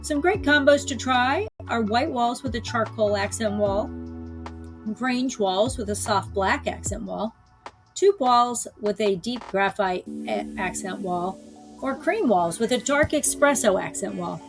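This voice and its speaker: A woman's voice: a little high, measured pace, music in the background. A woman realtor presenting a home decor vlog in a bubbly, playful way, with jokey asides. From Florida.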